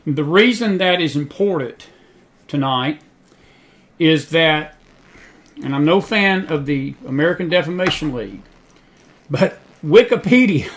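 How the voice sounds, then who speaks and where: A man's voice: on the high side, expressive, a little slow, fairly bright tone. A man from South Georgia with a Southern accent, hosting faith-based news commentary in a folksy, emphatic way that repeats key phrases. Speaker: host.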